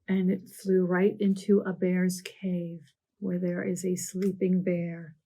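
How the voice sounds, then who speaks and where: A woman librarian doing a storytime read-aloud for children, animated with gasps and playful asides. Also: fairly low pitch, slow, breathy edge.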